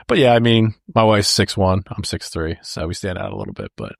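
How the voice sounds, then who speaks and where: A man's voice: deep voice, big pitch swings, fairly quick, vocal fry, no room sound, studio quality. A man co-hosting a podcast, laid-back and conversational, talking a movie over with his co-host. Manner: laid-back, conversational, addresses listeners as folks. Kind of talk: casual movie-discussion chat.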